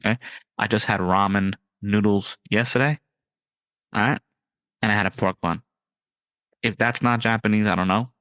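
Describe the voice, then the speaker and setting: A man hosting a podcast in casual chat, excited and riffing, with his voice jumping up on punchlines. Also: lowish voice, moderate pace, pauses often, smooth, no echo. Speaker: podcast host.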